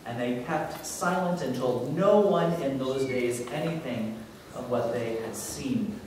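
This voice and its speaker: Man, pastor, conversational sermon, high pitch, distant echoey church recording, faint hiss. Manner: conversational, animated storytelling. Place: church sanctuary.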